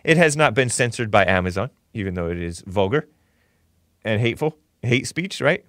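A man's voice: lowish voice, animated, normal speed, fairly bright tone, no room sound, studio quality. A man hosting a talk show, giving opinionated commentary with a mocking tone and frequent chuckles. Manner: mocking, chuckles often while reading posts.

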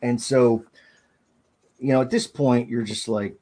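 Husky guy on a podcast, halting and hesitant, keeps restarting sentences. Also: medium pitch, fairly even intonation, dark tone. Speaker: podcast guest. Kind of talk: personal storytelling in an interview.

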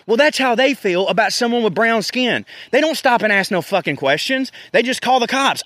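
Guy, pretty high pitched, dry close mic, profane animated rant. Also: normal speed, hardly any pauses, no echo. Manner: profane and animated, puts on voices for quotes. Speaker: podcast host. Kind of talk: casual rant.

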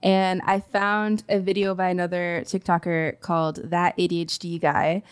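A woman co-hosting a podcast in casual chat, measured and critical, with lots of fillers. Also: on the low side, level tone, smooth. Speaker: podcast co-host.

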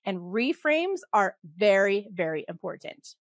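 Fast-talking Western Canadian woman, dry sound. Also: medium pitch, no echo. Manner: fast, animated, laughs often, many restarts. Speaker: podcast guest. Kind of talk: casual interview talk.

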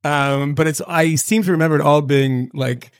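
A man co-hosts a podcast from a home video setup, rambling and joking in casual chat, swearing now and then and doing quick mock voices. His voice is on the high side, clear and resonant, recorded in studio quality with no room sound.

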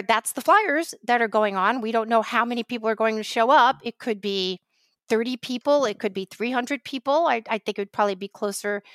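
A woman co-hosting a podcast, from New York, telling a story in an animated, ranting way. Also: on the high side, dry recording. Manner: animated storytelling, quick rants. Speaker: podcast co-host. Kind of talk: casual chat.

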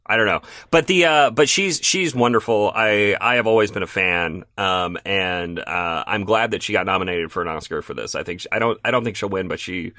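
A man's voice: on the low side, fairly quick, few pauses, sharp tone, dry recording, clean studio sound. A man co-hosting a podcast chat about films, talking in a wry, opinionated way with mock-solemn asides. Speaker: guest co-host.

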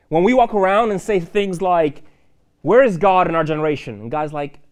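A man preaching a sermon in a church, conversational and lively, with fillers and asides. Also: high voice, moderate pace. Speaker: pastor.

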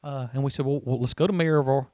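A middle-aged man, a college soccer coach, telling stories in a relaxed interview and often repeating words as he goes. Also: medium pitch, very fast, no echo, clean studio sound. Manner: rambling, repeats words, laughs easily. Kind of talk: casual interview talk.

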